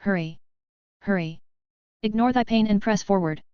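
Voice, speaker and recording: A woman's voice: mid-range voice, normal speed, clean tone, dry recording, close to an everyday voice. A woman voicing a proud female spirit warrior who gives commands in archaic speech, on slightly dull lo-fi audio. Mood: commanding.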